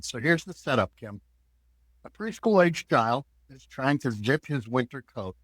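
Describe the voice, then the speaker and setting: A man's voice: mid-range voice, no room sound. A man co-hosting a parenting podcast, setting up segments and reading the outro in a friendly, conversational way. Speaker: podcast co-host and producer.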